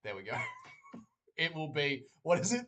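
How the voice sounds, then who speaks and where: A man's voice: on the high side, huge pitch swings, normal speed, bright, forceful tone. A man hosting a casual livestream, joking and rambling while reading chat aloud from a desk mic. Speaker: livestream host.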